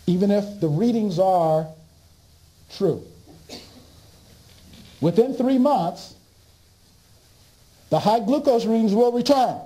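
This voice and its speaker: A man with a very dark, mellow voice tells his story to listeners at an unhurried pace. His pitch swings widely as he acts out the other people's lines, and he often restarts his sentences. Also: poor audio. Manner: animated, acts out dialogue with doctors. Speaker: speaker and author. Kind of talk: storytelling talk.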